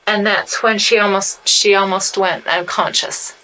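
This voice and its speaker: Bright-voiced middle-aged woman. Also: mid-range voice, fairly even intonation, a little slow, poor audio. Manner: eager and emphatic. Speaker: adult daughter. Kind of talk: casual family storytelling.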